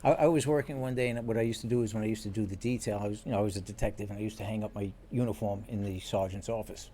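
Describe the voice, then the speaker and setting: A man, a former police detective and podcast guest, telling an animated anecdote in casual chat and acting out what people said. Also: on the low side, very fast, slight background noise.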